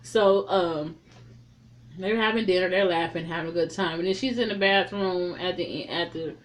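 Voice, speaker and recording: A woman giving a casual, chatty spoken recap of a film. She retells the scenes in an animated way and swears freely. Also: lowish voice, normal speed, slight background noise. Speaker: film reviewer.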